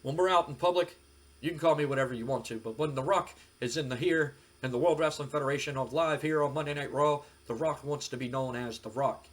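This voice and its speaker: A man voicing a frustrated young male wrestler who talks about himself in the third person, with a husky voice. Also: medium pitch, fairly quick, lightly acted, low-quality recording. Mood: insistent.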